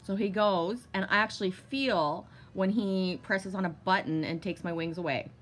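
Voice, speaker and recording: A woman vlogger casually telling a long story, rambling with lots of fillers, swearing often and bursting into giddy excitement. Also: medium pitch, normal speed.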